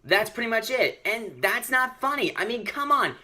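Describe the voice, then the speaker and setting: A man's voice: extremely high pitch, sing-song, normal speed, bright, forceful tone. A teenage boy ranting in a comedic show review, exasperated, on a webcam mic. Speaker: online critic.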